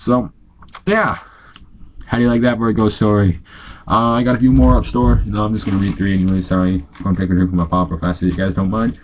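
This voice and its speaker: A tired young man from North Dakota, USA, with a stuffy nose reads ghost stories aloud in a casual way, tossing in asides, tripping over words and correcting himself. His voice is on the low side and flat, and he talks quickly. The audio sounds dull.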